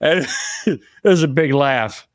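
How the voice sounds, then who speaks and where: A man co-hosts a podcast in easy, unhurried chat. His voice is smooth and resonant and sounds dry and close. He tells his stories in a rambling way, often laughing along the way. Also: fairly high pitch, lively intonation, dry recording. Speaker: podcast co-host.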